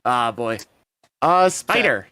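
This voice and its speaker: A man's voice: medium pitch, sing-song, slow pace, pushed and bright, clear, resonant tone, no echo. A man narrating as game master of a tabletop game, swearing casually and laughing as he talks.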